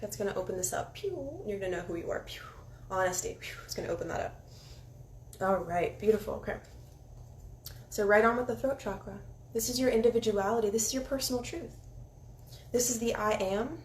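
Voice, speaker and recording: A woman giving a casual spiritual oracle card reading, candid and encouraging, sometimes dropping into soft meditation guidance. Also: medium pitch, fairly quick, long pauses. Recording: echoey room with faint ambient noise.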